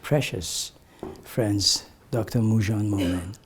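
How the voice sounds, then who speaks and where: Older male elder, slow reminiscing talk, lowish voice, drifts into soft near-whispers. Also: slight background noise. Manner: slow, reflective storyteller, often dropping to a soft, breathy near-whisper. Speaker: community elder sharing memories.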